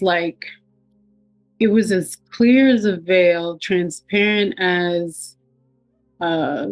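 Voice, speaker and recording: A woman's voice: lowish voice, no echo, low-quality recording. A woman recounting her near-death experience in a reflective, personal storytelling manner. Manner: reflective, quotes herself and others with raised voice.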